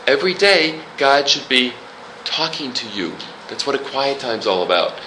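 A man preaching a sermon to a congregation in a relaxed, conversational way with joking asides. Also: medium pitch, moderate pace, a little hiss or hum, poor audio. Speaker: pastor.

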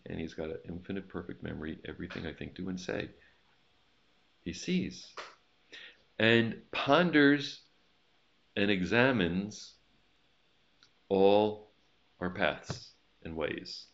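A man preaching a sermon in a relaxed, conversational way, with asides and a told joke. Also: low-pitched, vocal fry. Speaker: pastor. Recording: slightly dull lo-fi recording.

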